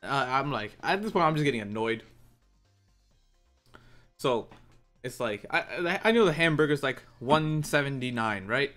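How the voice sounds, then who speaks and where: A man's voice: medium pitch, animated, normal speed, long pauses, fairly bright tone, faint music behind. A young man casually telling a story as a gaming YouTuber, rambling with many fillers and restarts.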